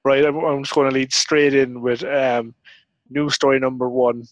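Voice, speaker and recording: Young guy co-hosting, calm and deadpan, dry close sound. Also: medium pitch, normal speed, no room sound, rough recording. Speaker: podcast co-host. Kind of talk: casual podcast chat.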